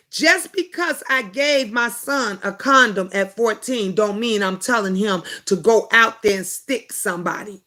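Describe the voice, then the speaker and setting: Bright, high-voiced middle-aged woman host. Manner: animated storytelling, acting out family quotes. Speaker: host of a live chat show. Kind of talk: casual live chat answering viewer comments.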